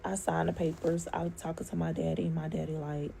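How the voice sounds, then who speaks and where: A young woman, telling a story with animated, profane emotion. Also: sits low, brisk, creaky, few pauses, a little hiss or hum. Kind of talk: storytime vlog.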